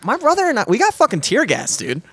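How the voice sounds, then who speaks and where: A young man co-hosting a studio podcast, telling a story in casual, animated chat with plenty of swearing and acted-out quotes. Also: very high voice, quick pace, slightly rough, dry recording. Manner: animated, swearing, acts out quotes in raised voices. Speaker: podcast co-host. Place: small studio. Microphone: studio mic.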